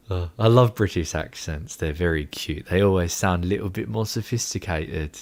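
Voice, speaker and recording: A man's voice: low-pitched, moderate pace, creaky, darkish tone. A young man hosting a casual livestream chat, rambling and mocking himself with frequent laughter. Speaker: livestream host.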